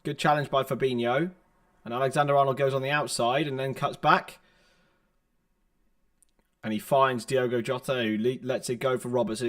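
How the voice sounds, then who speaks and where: Man giving live football play-by-play. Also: mid-range voice. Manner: steady running play-by-play, chatty asides to viewers. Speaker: livestream watchalong host. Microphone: laptop's built-in microphone.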